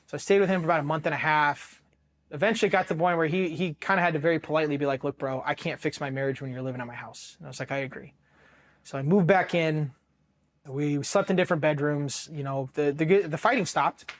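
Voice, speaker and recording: Blunt, profane American man, higher voice. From Ohio, United States. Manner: blunt, profane, with many restarts and quoted dialogue. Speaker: Marine veteran guest. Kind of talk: personal story in an interview.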